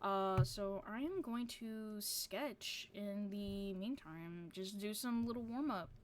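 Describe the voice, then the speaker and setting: A woman's voice: mid-range voice, takes it slowly. A woman streamer chatting casually to her viewers, rambling with lots of fillers and casual swearing.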